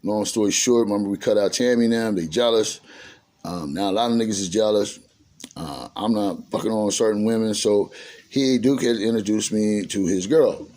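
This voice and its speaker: A man's voice: on the low side, normal speed, mellow. A middle-aged man telling his own life story in casual street slang, acting out the dialogue as he goes.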